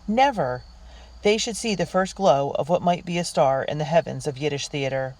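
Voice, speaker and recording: A man's voice: on the high side, moderate pace, darkish tone, lightly acted, rough recording. A reader voicing a kindly young male actor of the Yiddish theater in a storybook reading. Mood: tender.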